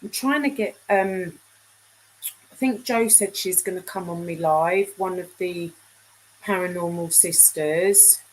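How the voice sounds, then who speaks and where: A woman's voice: on the low side, measured pace, a little mellow, a little hiss or hum, poor audio. A middle-aged woman chatting casually with viewers on a live stream, rambling and trailing off mid-sentence. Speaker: livestream host.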